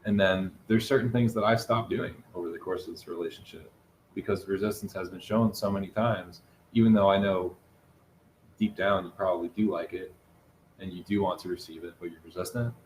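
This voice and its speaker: Deep-voiced man in a calm relationship talk. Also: fairly quick, reverberant, slight background noise, low-quality recording. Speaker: podcast co-host.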